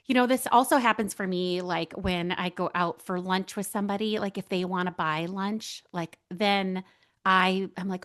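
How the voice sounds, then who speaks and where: A woman's voice: mid-range voice, steady tone, normal speed. A woman hosting a podcast, talking earnestly in a casual reflective monologue full of fillers. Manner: earnest, casual, filler-heavy with many likes. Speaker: podcast host.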